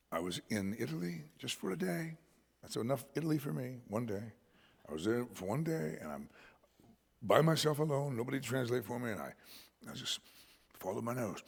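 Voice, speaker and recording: An American man preaching a sermon as pastor, an animated storyteller who punches out words for emphasis and jokes about himself. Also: mid-range voice, creaky, husky. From United States. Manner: animated storyteller, shouts words for emphasis, self-deprecating humor. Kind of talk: expository sermon. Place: church sanctuary. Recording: church hall reverb.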